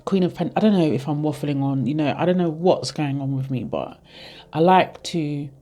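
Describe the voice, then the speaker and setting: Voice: medium pitch, normal speed, warm tone. A tarot reader in their thirties giving a casual reading, rambling and heartfelt as they speak straight to the viewers. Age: 30s.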